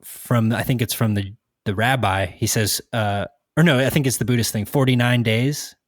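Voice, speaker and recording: A man hosts a podcast in casual chat, rambling with lots of restarts and fillers. His medium-pitched voice has fairly even intonation and normal speed, with a dry, clean studio sound.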